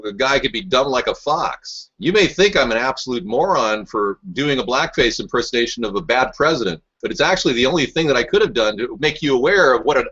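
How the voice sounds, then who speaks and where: A man's voice: medium pitch, pushed and bright, breathy edge, lo-fi sound. A man hosting a rambling political talk show, answering live chat in a combative, mocking and sarcastic way.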